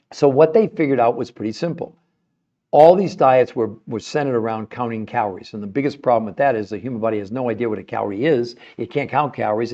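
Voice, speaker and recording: A man's voice: medium pitch, a little mellow, highs cut off. A man hosting a live-streamed podcast, passionate and emotional as he talks straight to his viewers and asks them questions. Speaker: podcast host.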